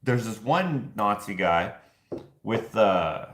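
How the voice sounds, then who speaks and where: A man's voice: fairly low pitch, expressive, slow pace, a bit bright. A man hosting a casual chat, telling rambling stories and laughing at his own jokes. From Canada. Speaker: show host. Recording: echoey room.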